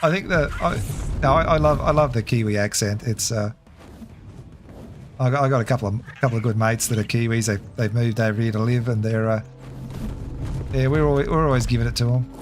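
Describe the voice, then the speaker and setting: A man's voice: mid-range voice, fairly quick, long pauses, soft background music. A man with an Australian accent chatting casually with his livestream viewers while playing a game, laughing often. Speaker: game streamer.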